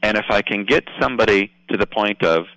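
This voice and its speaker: Lowish guy on a dry studio mic, explains earnestly, keeps tossing in right?. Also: fairly quick, a bit bright, dry recording, rough recording. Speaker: political commentator guest. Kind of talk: casual radio talk.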